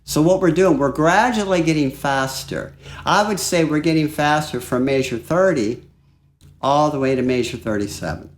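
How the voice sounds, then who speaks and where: A man teaching flute in a relaxed, chatty way, walking through a piece and singing phrases aloud. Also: fairly high pitch, moderate pace. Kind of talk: music lesson. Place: home studio.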